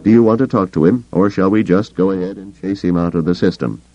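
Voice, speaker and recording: A man voicing a military communications officer with a brisk, clipped delivery. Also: sits low, warm tone, highs cut off, voice pushed up.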